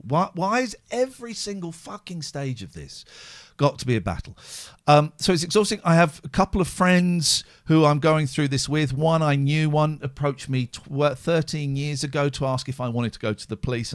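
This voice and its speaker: A middle-aged man with a medium-pitched voice hosts a frank podcast conversation, emotional and full of swearing. He sounds worn out and drained, recorded as clean studio audio with no echo.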